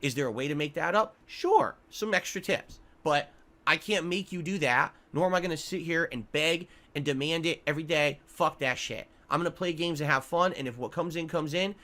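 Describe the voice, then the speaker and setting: A man streaming live, ranting angrily with heavy swearing and lots of repetition, going from loud outbursts to low muttering. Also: moderate pace. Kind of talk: angry livestream rant.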